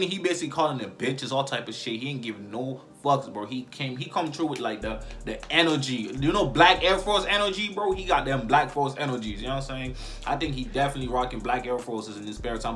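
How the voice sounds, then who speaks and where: A man's voice: medium pitch, a bit bright. A man giving a casual video review of a webtoon chapter, talking in heavy slang and often asking "you know what I'm saying".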